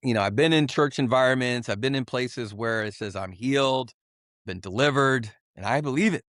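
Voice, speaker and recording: A middle-aged man giving a candid personal testimony as a podcast guest, earnest and confessional, halting with many fillers and restarts. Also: mid-range voice, a bit bright, dry recording, studio quality. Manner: halting, full of "you know" fillers and restarts.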